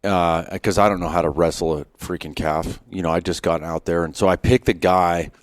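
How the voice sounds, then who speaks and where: A middle-aged man tells lively, self-deprecating stories as a podcast guest, often doubling back on his words. His voice sits on the lower side and sounds close and dry, with no room echo. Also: moderate pace. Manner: animated, self-deprecating anecdotes with frequent restarts. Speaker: podcast guest, former Marine sniper. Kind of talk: casual storytelling. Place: on a wilderness hunting trip.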